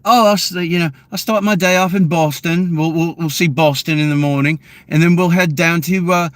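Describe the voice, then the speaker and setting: A man's voice: a little high, steady tone, fairly bright tone, no echo, voice pushed up, lightly acted. A man putting on a naive male British tourist who plans an impossible road trip and halts on uh after uh. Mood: cheerful. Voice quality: hesitant, halting, full of uhs.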